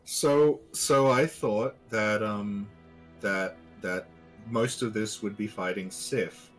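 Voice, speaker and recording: A man co-hosting a game stream, talking in a relaxed, rambling way with many fillers and dry, self-mocking humor. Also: on the low side, slow, soft background music, poor audio. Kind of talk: casual stream chat.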